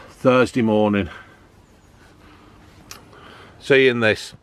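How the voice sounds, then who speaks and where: A man's voice: fairly low pitch, fairly even intonation, unhurried, smooth. Chatty man vlogging his van build. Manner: chatty, joking, lots of fillers. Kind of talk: casual chat to camera.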